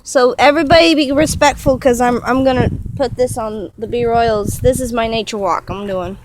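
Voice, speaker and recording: A woman's voice: a little high, steady tone, moderate pace. A woman filming a casual walking vlog on a beach with her phone on a selfie stick, gushing and exclamatory. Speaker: vlogger. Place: outdoors on a beach. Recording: loud wind noise on phone.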